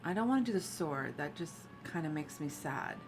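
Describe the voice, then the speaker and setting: A woman's voice: low voice, lively intonation, brisk, music in the background, low-quality recording. A woman streaming a cozy game, chatting casually, thinking aloud and giggling as she plays. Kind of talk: casual gameplay commentary.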